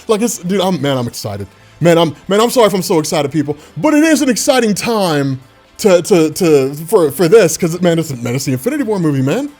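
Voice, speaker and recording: A man hosting a comic book channel, talking in excited, rambling casual commentary. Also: high-pitched, fast, faint music behind. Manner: hyped, rambling, full of "man" and "dude".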